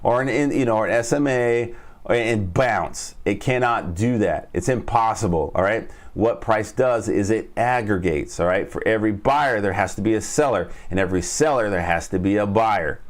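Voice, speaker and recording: A man's voice: lowish voice, moderate pace. A man hosting a live trading lesson. He repeats his key points, stops to ask "all right?" after each one, and reads and answers the live chat. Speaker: trading coach and stream host.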